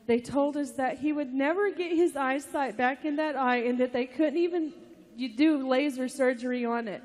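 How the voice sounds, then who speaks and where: A woman's voice: high-pitched, normal speed, a little mellow. A mother giving an emotional testimony in church, tearful and breathless, laughing through tears. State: crying. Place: large church hall. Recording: long reverb of a big hall.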